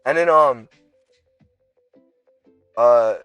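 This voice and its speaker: A man's voice: mid-range voice, drawn-out words, fairly bright tone, clear, resonant tone, no echo, faint music behind. A young man co-hosting a podcast, telling a long story in casual slang and acting out characters in bursts. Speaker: podcast co-host. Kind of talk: casual chat.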